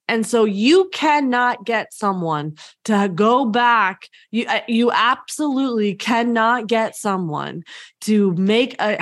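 A woman hosting a solo podcast, coaching listeners on sales calls in a lively conversational way and acting out what clients say. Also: mid-range voice, dry recording, studio quality. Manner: energetic, conversational, acts out client lines.

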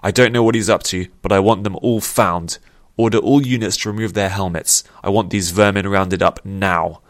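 A man voicing a cruel male army general who snarls and booms with contempt. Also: fairly even intonation, moderate pace, no room sound, studio quality, lightly acted. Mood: bellowing.

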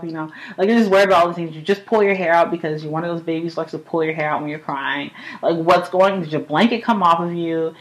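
A woman's voice: lowish voice, steady tone, fast, poor audio. A young adult woman hosting a podcast, telling a story in a casual, chatty way, full of "like" and loose swearing. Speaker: podcast host.

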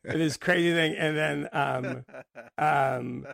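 Male podcast co-host, gravelly and slightly high, rambling casual talk, dry close mic. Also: fairly even intonation, slow pace, fairly bright tone, no room sound. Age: adult with a daughter. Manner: rambling, self-interrupting, laughs often.

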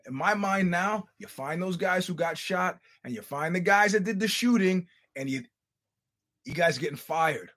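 An older man hosting a podcast, telling stories in a casual, animated, profane way with laughing asides. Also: high voice, measured pace. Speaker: podcast host. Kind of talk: casual storytelling monologue.

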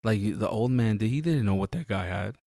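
Male co-host, lowish pitch, dry close sound, animated and profane, acts out scenes. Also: normal speed, creaky, no room sound. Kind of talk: casual podcast chat.

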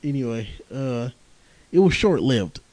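Hosting alone, a young man tells stories in a casual, rambling way, cursing and laughing as he goes despite sounding tired. His mid-range voice is mellow, sing-song and unhurried, and the rough recording carries no room sound.

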